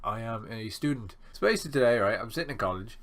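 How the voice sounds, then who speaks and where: A young man tells a storytime vlog at mid pitch. He rambles, restarts and swears freely with animated disbelief. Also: fast talker. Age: 20s. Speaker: student vlogger.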